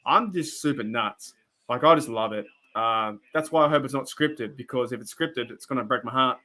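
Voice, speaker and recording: A man's voice: mid-range voice, moderate pace, pushed and bright. Rambling Australian guy on a live stream. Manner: rambling, chatty, many restarts and fillers. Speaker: live stream host reacting to football. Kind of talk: casual live stream chat.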